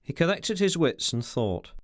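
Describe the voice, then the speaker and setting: A man's voice: fairly high pitch, sing-song, a little slow, no echo, clean studio sound. A man reading an unabridged classic novel aloud as an audiobook narrator, telling the story expressively. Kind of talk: scripted narration.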